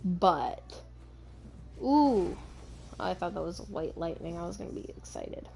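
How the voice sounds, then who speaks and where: Excitable chatty woman streamer, lively pitch. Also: a little slow, creaky. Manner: excitable, chatty, talks to viewers. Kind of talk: casual gameplay chat.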